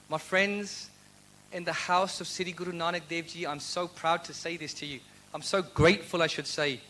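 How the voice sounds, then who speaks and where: Male guest speaker, higher pitch, bright forceful tone, energetic lecture style that quizzes the crowd. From United Kingdom. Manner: energetic, quizzes and teases the audience. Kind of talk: lively lecture to a university audience.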